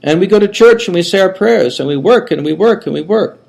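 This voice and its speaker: A man voicing an elderly Austrian-born monk with a high, thin voice and a German accent, telling his story in plain, childlike repeated phrases. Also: animated, fairly quick, vocal fry, darkish tone. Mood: earnest.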